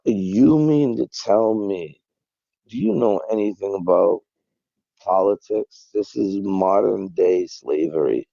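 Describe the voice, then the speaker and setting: A man speaking in an interview clip, emphatic and blunt. His voice is very low, gravelly and dark. The clip sounds dull and muffled. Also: slow, no echo.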